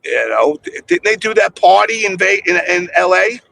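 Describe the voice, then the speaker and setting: A man's voice: sits high, big pitch swings, normal speed, vocal fry, pushed and bright, no room sound, soft background music. A man in casual podcast chat, telling stories in a blunt, profane way.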